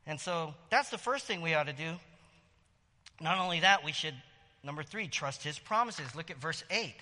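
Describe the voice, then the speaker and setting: A man delivers a sermon in a church hall, chatty and animated, tossing out "right?" asides to his listeners. His voice is bright and forceful with a slightly higher pitch. A long reverb trails after each phrase. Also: moderate pace. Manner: conversational, animated preaching with frequent "right?" asides and laughs. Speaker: pastor.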